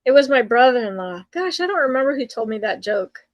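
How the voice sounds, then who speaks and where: A woman with a somewhat high voice tells a joke in a casual livestream chat. She giggles as she goes, and her voice sounds close and dry. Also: very animated, fast talker, dry recording, highs cut off. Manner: storytelling, giggly.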